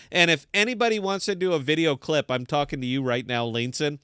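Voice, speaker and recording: A man hosting a live crypto stream, ranting excitably and swearing often. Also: fairly high pitch, fairly quick, clear, resonant tone. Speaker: livestream crypto host. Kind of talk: live-stream chat and rant.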